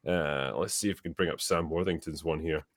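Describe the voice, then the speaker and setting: A man's voice: extremely low pitch, fairly quick, dry recording, clean studio sound. A man hosting a casual podcast panel, talking animatedly and swearing freely as he plays clips. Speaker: podcast host.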